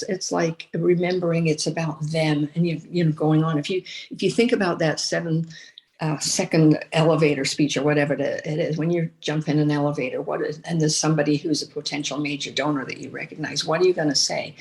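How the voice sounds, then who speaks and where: An older woman from the United States, a veteran fundraiser, telling lively stories in a podcast interview with frequent restarts. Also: low voice. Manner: storytelling, animated, many restarts and repeated words. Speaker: guest, former chief fundraiser.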